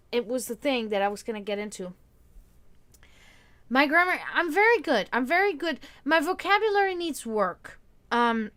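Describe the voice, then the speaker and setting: A woman with a slight German accent chats on her stream, rambling and restarting her sentences. Her voice is smooth and clear, sitting a little high. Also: a bit bright. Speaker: stream host. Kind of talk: casual chat on a livestream.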